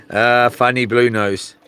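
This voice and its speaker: Outdoors by the sea on a live fishing stream, a man with a high, bright, forceful yet smooth voice rambles in a relaxed way. He greets his viewers by name and drops the occasional light swear.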